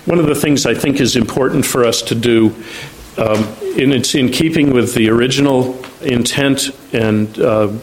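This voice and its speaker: Man giving a halting meeting briefing. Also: mid-range voice, slight background noise, poor audio. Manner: halting, frequent ums and restarts. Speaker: agency outreach staff presenting at a meeting.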